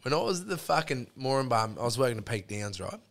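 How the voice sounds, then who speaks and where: A man with an Australian accent tells a crude story in loose, profane chat. He jumps into the voices of the people in it as he goes. His pitch sits at an ordinary middle height. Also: sing-song, fast talker, gravelly. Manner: crude, profane yarn-spinning, acts out both sides of remembered arguments. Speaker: podcast guest.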